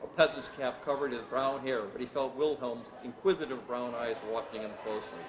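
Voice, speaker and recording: A man reading his novel aloud at a literary event, with steady, measured narration. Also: mid-range voice, a crowd in the background. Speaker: author reading his work. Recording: echoey room with background noise.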